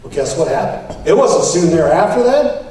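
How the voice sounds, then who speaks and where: A man with a somewhat high voice gives an animated campaign speech to convention delegates, acting out the exchanges he retells. He sounds far from the mic in a very echoey hall, with faint background noise. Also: normal speed. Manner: animated, acts out quoted exchanges. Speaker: political candidate.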